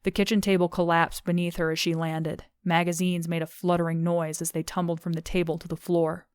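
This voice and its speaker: Female audiobook narrator, measured and level, smooth clean tone, dry studio sound. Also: lowish voice, no echo. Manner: steady, measured reading. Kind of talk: scripted narration of a thriller novel.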